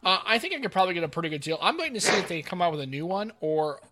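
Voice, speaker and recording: A man co-hosting a casual tech podcast, talking in an animated, rambling way and throwing in quick asides to the live chat. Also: sits high. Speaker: podcast co-host.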